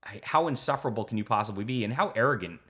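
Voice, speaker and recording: Male commentator, lowish voice, heated sarcastic ranting, casual delivery. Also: animated, racing, fairly bright tone. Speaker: commentary vlogger.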